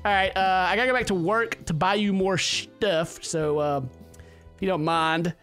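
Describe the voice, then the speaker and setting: A man's voice: high-pitched, steady tone, moderate pace, a bit bright, faint music behind. A man doing let's-play commentary, rambling, laughing often and hamming up mock-romantic lines to a game character. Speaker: gaming YouTuber.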